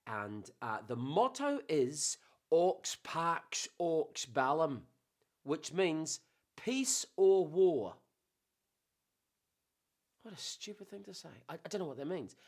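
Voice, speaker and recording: New man hosting a chatty show, lively swooping voice, unhurried, playful. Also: on the high side. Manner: playful, animated, rambling. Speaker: host. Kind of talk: casual chatty monologue.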